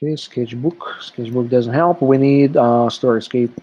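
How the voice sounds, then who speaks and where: A man's voice: medium pitch, moderate pace, dark tone. Man teaching over lo-fi call audio. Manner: explanatory, checks in often with "okay". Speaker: English teacher. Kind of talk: live online lesson. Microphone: computer mic on a video call. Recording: dull lo-fi online call audio.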